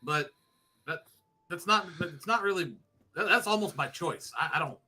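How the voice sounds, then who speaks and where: A man in casual podcast chat, blunt and quick to chime in with short agreements. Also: fairly high pitch, bright, forceful tone.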